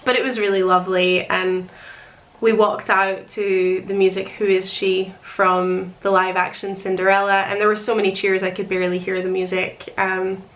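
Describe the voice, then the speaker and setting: A young woman, an author, recounts her wedding in a long, rambling personal story. Her mid-range voice is fairly bright, and she is chatty and emotional, often laughing.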